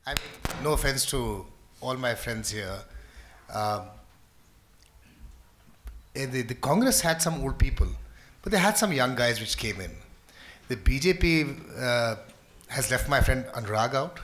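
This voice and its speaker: A man with an Indian English accent debates on a TV panel in an even, middle-pitched voice. He jokes easily and trips over his words, restarting sentences as he goes. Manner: halting, jokey, many restarts. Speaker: member of parliament, panel guest.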